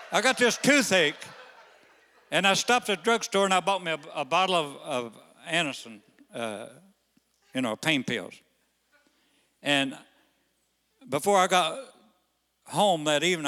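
An older man, a pastor, telling folksy stories in a sermon, halting on fillers, then bursting out loud to the congregation. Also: fairly high pitch. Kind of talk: storytelling sermon. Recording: long hall reverb.

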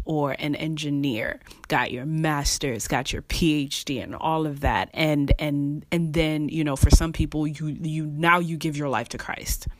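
Slow, halting preacher in a dry room. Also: mid-range voice, no room sound. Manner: halting, repeats words, chuckles often. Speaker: online preacher. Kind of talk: casual devotional teaching.

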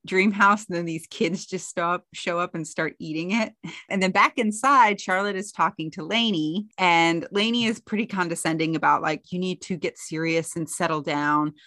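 Female podcast co-host, casual recap, lowish pitch, pops up higher for quoted lines, dry booth. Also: fairly bright tone, no room sound. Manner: chatty retelling, acting out quotes in a higher voice.

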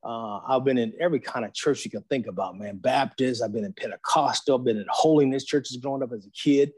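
A man in his forties tells his faith testimony as a guest on a podcast, speaking in slang and animatedly acting out the voices of people he quotes. His voice is mid-range and husky, and he talks fairly quickly.

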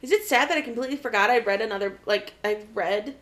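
A woman's voice: on the high side, fast talker, a bit bright. A young woman co-hosting a podcast in casual chat, supportive and given to trailing off mid-thought. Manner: supportive, backchannels often, trails off. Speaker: podcast co-host.

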